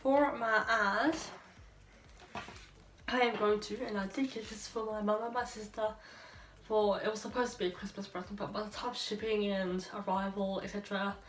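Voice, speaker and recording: A young Australian woman rambles cheerfully to herself with a slight tipsy looseness, her pitch sitting in an ordinary middle range. She is recorded on a phone at some distance, so her voice carries a roomy echo. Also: flat delivery, brisk, slight background noise. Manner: rambling, chatty, talking to herself. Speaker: beauty vlogger. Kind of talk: get-ready-with-me chat. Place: bedroom at home under a ring light. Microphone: phone camera.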